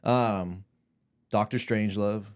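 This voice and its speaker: Deep-voiced young man, rambling and profane. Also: fairly even intonation, takes it slowly, clean tone, no echo, clean studio sound. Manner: rambling, profane, laughs through stories. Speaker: podcast guest. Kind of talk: casual chat.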